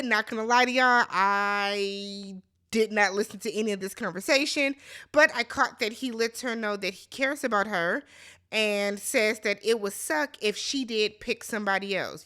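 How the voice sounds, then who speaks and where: Sassy bright-voiced woman recapping. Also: mid-range voice. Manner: sassy, chatty, addresses viewers as y'all. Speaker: recap host. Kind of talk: casual reality TV recap.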